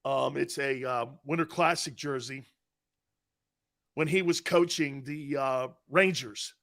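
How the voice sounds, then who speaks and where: A man's voice: medium pitch, slow, fairly bright tone. A man hosting a sports talk show, chatting energetically, telling stories and reading viewer comments aloud. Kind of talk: casual sports talk and storytelling.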